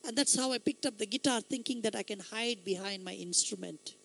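Preaching at a brisk clip, this man has a light, high voice that people often take for a woman's, with some vocal fry. His sermon moves through emphatic storytelling that builds into loud exhortation.

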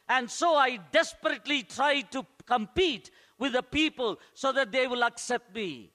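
Male pastor, very high and bright voice, earnest sermon with emphatic repetition. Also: lively intonation, normal speed, few pauses.

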